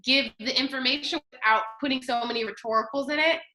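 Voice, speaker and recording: Bright-voiced chatty woman on a video call. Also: high voice, fast, rough recording. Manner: chatty, animated, quotes others often. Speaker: sign language student. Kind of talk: casual peer feedback chat.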